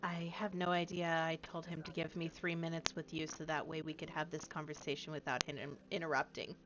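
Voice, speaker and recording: A woman's voice: deep voice, flat delivery, a little fast, crowd noise. A woman player in casual tabletop game chat, chatty and full of fillers, on a muffled recording. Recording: muffled lo-fi audio.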